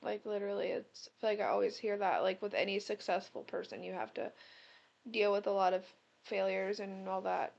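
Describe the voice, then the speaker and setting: A young woman co-hosting a podcast, chatting casually in an energetic, playful way. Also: medium pitch, a little fast, creaky, dull audio. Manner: energetic, playful, slips into silly accents. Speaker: podcast co-host. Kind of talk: casual chat.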